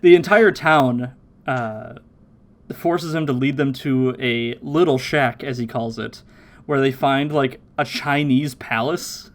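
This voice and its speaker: A man hosting a casual watchalong podcast, recapping episodes with lively, chatty energy. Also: medium pitch. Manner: animated recapping with quick put-on quotes and laughs. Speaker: podcast host.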